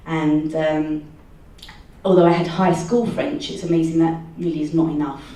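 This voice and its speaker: Storyteller, low warm voice, measured, echoey hall from far off. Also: female voice, steady tone. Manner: measured, with hesitations. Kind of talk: live personal storytelling. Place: room at a live storytelling event.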